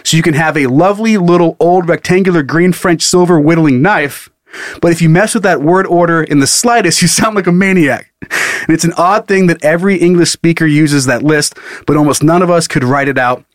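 A man's voice: a little high, brisk, no room sound, studio quality. A man co-hosting a casual comedy podcast, joking, swearing and laughing often. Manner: jokey, profane, laughs often. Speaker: podcast co-host.

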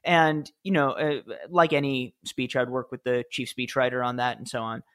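A man's voice: mid-range voice, steady tone, moderate pace, fairly bright tone, smooth. A man, telling stories earnestly in a casual interview, often restarting his sentences. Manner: earnest, storytelling, frequent restarts. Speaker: former presidential speechwriter, author.

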